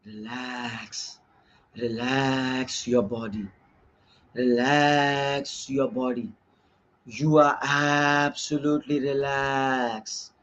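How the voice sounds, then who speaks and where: Man putting on a calm hypnotist, deep, slow and hushed, on dull lo-fi audio. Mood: soothing. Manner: slow, hushed, repetitive suggestions. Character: calm, soothing male hypnotist.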